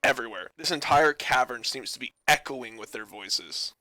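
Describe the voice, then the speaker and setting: A man's voice: medium pitch, normal speed, pushed and bright, dry recording. A young man as game master, narrating and freestyling rhymes with loose fillers. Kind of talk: running a tabletop game.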